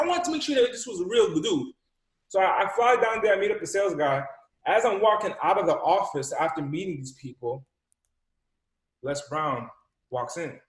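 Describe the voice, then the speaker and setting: A man from Rhode Island, a podcast guest and motivational speaker, telling a personal story with high energy, repeating words and acting out dialogue. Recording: roomy echo.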